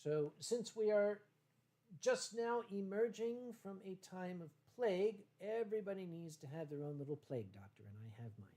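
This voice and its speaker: A tipsy man hosting a casual livestream from home, rambling and halting through viewer comments with many fillers and restarts. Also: high voice, lively intonation, warm tone. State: tipsy from wine. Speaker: livestream host.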